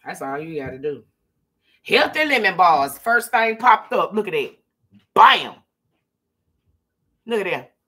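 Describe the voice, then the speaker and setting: A woman vlogging in a relaxed, chatty way, talking straight to her viewers and laughing often. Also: fairly low pitch. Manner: chatty, folksy, laughs often, addresses viewers as "girl" and "y'all". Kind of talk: casual chat to viewers while eating.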